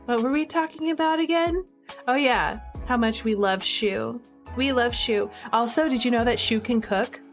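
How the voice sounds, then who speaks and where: A woman's voice: a little high, normal speed, soft background music. A woman chatting casually as a game reviewer, gushing and giggly with lots of fillers. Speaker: video creator reviewing games. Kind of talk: enthusiastic casual commentary.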